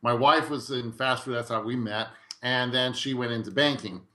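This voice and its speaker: Man, middle-aged, bright and forceful voice, medium pitch, animated storyteller, podcast guest. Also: moderate pace. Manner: animated storyteller acting out quoted dialogue. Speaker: guest real estate investor.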